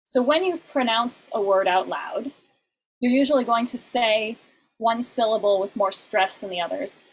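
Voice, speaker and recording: A woman's voice: fairly high pitch, normal speed, a little hiss or hum, low-quality recording. Woman teaching an online class. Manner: explanatory, with frequent fillers and restarts.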